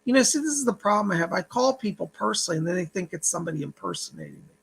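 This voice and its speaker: A man's voice: sits high, wildly swooping pitch, rapid-fire, creaky, a bit bright, breathy edge. A man who works as a psychic, giving an earnest, uplifting spiritual vlog message and retelling a phone call. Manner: preachy, uplifting address to viewers.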